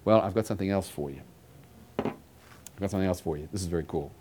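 A man's voice: deep voice, quick pace, mellow, a little hiss or hum. A man preaching a conversational sermon to a congregation in a church building, repeating his phrases and dropping joking asides to the listeners. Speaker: pastor.

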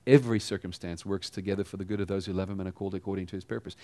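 A pastor giving a sermon in a conversational style, asking the congregation rhetorical questions. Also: male voice, low-pitched, steady tone, rapid-fire, warm tone, no echo.

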